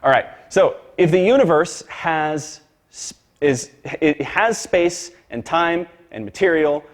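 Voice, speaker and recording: A man's voice: a little high, expressive, takes it slowly. A man teaching a church Sunday school class, emphatic and direct with the group, often repeating words as he restarts.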